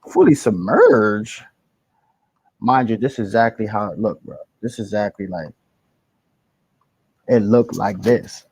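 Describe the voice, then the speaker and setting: Young man rambling through a story, husky voice. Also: on the low side, rough recording. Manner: rambling, slangy, animated retelling with self-corrections. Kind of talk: casual storytime vlog.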